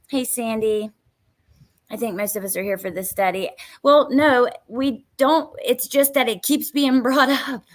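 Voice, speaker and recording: A woman's voice: medium pitch, fairly bright tone. An exhausted woman hosting a live stream, chatting casually, blunt and frustrated, swearing now and then and greeting viewers by name. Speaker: true crime live stream host.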